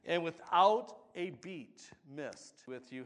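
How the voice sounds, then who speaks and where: A man's voice: medium pitch, animated, slow pace, a bit bright. A man preaching a sermon, building to emphatic passages and having the congregation repeat scripture with him. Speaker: pastor.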